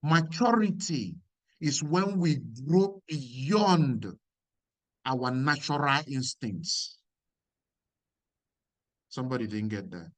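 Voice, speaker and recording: A man's voice: medium pitch, animated, slow, long pauses, no echo. A man giving a motivational lecture, emphatic and repeating key lines. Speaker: speaker.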